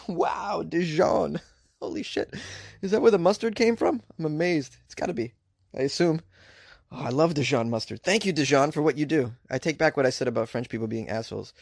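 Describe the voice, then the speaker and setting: Man, podcast host, comedic news riffs, sarcastic, crude, gravelly voice, dry sound. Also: mid-range voice, dry recording. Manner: crude, sarcastic riffing with asides.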